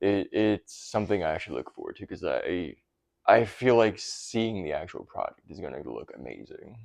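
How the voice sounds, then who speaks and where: A man's voice: sits low, big pitch swings, normal speed, gravelly, a little mellow. A young man, a guest actor in a casual chat, telling rambling stories and laughing often.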